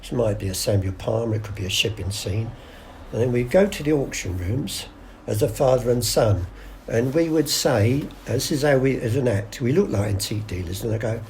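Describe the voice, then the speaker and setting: An older man, the guest storyteller, tells stories in a casual interview in a chatty manner, performing the voices of the people involved and restarting many times. He speaks at a moderate pace with a medium-pitched, darkish voice over a little hiss or hum.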